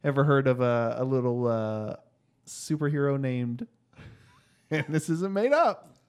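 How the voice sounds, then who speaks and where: A man co-hosting a casual podcast chat, joking and animated. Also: mid-range voice, a little slow, clean tone. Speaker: podcast co-host.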